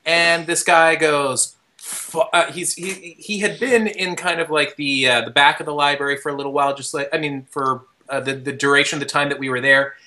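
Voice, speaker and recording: A young man hosting a podcast, telling a long story in casual, rambling chat, full of fillers, restarts and casual swearing, shouting out the quoted lines. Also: fairly high pitch, moderate pace. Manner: animated, loose storyteller with many fillers and restarts. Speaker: podcast host.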